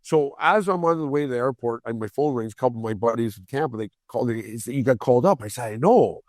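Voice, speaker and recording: A man in his forties telling a long story on a podcast in a casual way. He acts out the other people's voices, repeats words when he gets excited, and laughs along. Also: mid-range voice, fast, no echo, studio quality. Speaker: guest storyteller.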